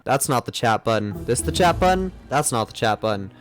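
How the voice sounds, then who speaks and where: A man's voice: mid-range voice, expressive, fairly quick, faint music behind. A young man streaming a game live, rambling and joking at himself as he plays. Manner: rambling, self-mocking, muttering to himself. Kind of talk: live gameplay commentary.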